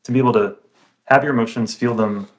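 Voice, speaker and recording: A man's voice: mid-range voice, steady tone, fast, slight background noise. A man hosting a podcast, affirming and summing up his guest's points. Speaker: podcast host. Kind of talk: interviewer's backchannel and reflections.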